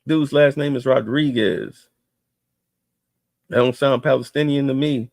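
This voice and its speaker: A man's voice: mid-range voice, fairly even intonation, measured pace, vocal fry, a little mellow, no room sound, studio quality. A man streaming heated, profane political commentary with a mocking edge.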